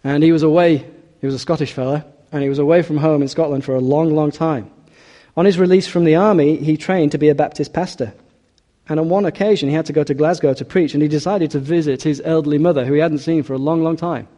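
Earnest preacher, slightly high, mellow. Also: male voice, fairly even intonation. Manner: earnest, emphatic, slows and drops on key words. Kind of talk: sermon.

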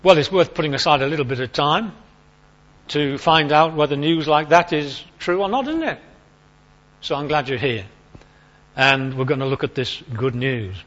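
A man preaching in a relaxed, conversational way. He leans on repeated phrases for emphasis and asks his listeners questions. His voice sits fairly high for a man, and the recording sounds dull and lo-fi. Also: normal speed. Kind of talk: informal sermon.

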